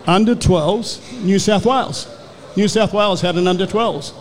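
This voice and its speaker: An older Australian man with a notably high voice tells rambling stories from his playing days. He slips into the back-and-forth of old conversations as he goes, in an easy, casual way. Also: moderate pace, in a large hall. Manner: rambling storyteller who acts out quoted exchanges. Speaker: former rugby league player, guest. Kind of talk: casual anecdote telling.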